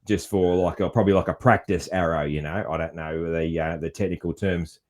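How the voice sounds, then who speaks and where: A man's voice: low voice, fairly even intonation, brisk, a little mellow. A man with an Australian accent hosting a podcast, telling stories in a laid-back, rambling way. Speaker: podcast host. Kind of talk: casual interview chat.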